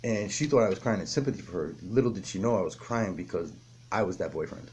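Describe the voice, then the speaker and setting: A man's voice: low-pitched, fast talker, darkish tone, husky. A man telling his own addiction recovery story in a raw, blunt way, swearing often and restarting his sentences. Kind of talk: candid personal recovery story.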